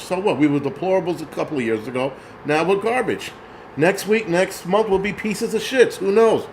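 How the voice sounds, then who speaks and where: A man's voice: a little high, animated, fairly quick, a little hiss or hum. A man of Puerto Rican origin hosting his own show, ranting in a heated, profane, mocking way. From Puerto Rico. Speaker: host. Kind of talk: angry ranting commentary.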